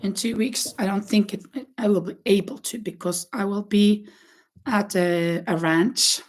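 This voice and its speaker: A woman's voice: medium pitch, measured pace. A woman hosting a crochet livestream, chatting casually with viewers, with many fillers and restarts and frequent laughs. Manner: laughs often.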